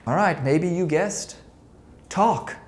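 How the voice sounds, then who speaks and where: A man, a basketball coach, teaching a lesson to camera in a playful way, quizzing the viewer and then joking about the answers. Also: slow. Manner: playful, asks quiz questions and answers them with jokes; acts out shouted examples, voice leaps high. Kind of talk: instructional talk to camera.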